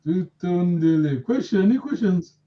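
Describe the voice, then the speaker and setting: A slightly high-voiced man leads a language class, patiently drilling his students and correcting their pronunciation. His voice comes through dull, lo-fi audio. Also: animated, normal speed. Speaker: language teacher. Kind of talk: live language lesson.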